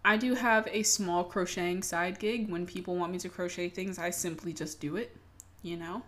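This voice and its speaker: A woman's voice: fairly low pitch, steady tone, normal speed, a bit bright. A young adult woman ranting casually to her audience, swearing freely and self-mocking with dramatic flair. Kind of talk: casual rant to camera.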